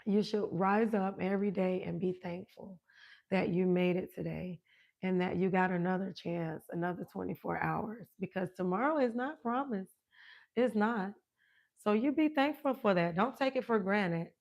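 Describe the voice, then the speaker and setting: Older woman, lively live-stream coach. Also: mid-range voice, normal speed, creaky. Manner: animated, laughs often, greets viewers by name. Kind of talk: casual live-stream chat with viewers. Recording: dull lo-fi stream audio.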